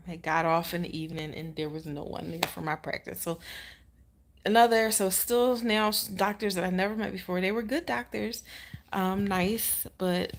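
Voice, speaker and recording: A vlogger in her thirties casually recounts a personal story, peppering it with "like" and quoting others, even playing the nurse. She keeps her voice low so as not to wake the baby sleeping nearby.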